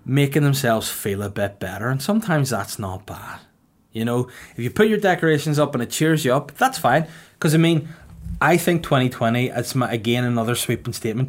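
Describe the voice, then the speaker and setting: Deadpan man, podcast host. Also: medium pitch. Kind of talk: casual podcast chat.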